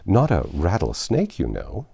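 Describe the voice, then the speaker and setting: A man voicing a polite, earnest young girl in a storybook reading, gentle and well-mannered. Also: sits low, wildly swooping pitch, unhurried, creaky, husky, no echo, heavily acted.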